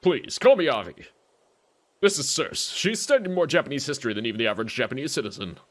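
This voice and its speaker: A man reading a flamboyant, excitable male fantasy author's lines aloud while streaming a game. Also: mid-range voice, fast. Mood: theatrical. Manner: theatrical, grandiose reading. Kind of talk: voicing game dialogue on a stream.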